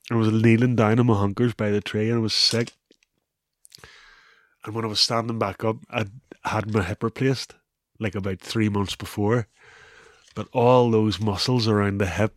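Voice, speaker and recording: A middle-aged man with a Northern Irish accent, telling a story casually as an interview guest, animated, with "bro" and "wee" and plenty of laughs. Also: fairly low pitch, no echo, clean studio sound. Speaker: guest, former rugby player.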